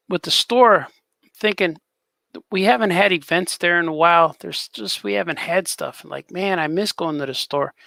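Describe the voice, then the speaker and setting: A man's voice: on the high side, creaky, sharp tone, no echo. A man hosting a casual live stream as a cartoonist, rambling in an easygoing way and chatting with viewers.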